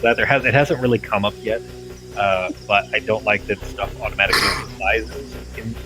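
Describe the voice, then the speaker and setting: Low-voiced man running a tabletop game. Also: normal speed, over music. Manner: relaxed, explains rules. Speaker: game master.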